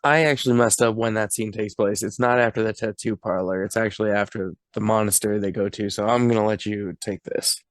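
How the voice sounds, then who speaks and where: A man's voice: fairly low pitch, fairly even intonation, fairly quick, few pauses, no room sound, studio quality. A young man co-hosting a podcast, casually recapping a film in a laid-back way, chuckling as he talks. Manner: laid-back, chuckling, lots of filler 'like'. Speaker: podcast co-host. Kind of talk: casual movie recap chat.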